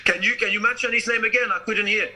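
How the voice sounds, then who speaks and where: A man with a French accent whose voice sits high and sounds very bright and sharp. He speaks as a guest on a live stream, halting and searching for his words. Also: steady tone, low-quality recording. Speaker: guest football fan. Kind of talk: casual chat on a live stream.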